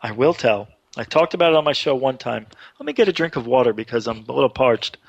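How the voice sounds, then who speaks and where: A man telling a long personal story on a talk show, getting animated and louder as it builds. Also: medium pitch, quick pace, creaky, background noise. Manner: animated, excited retelling with rising voice. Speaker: radio show guest. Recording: dull dry online radio audio.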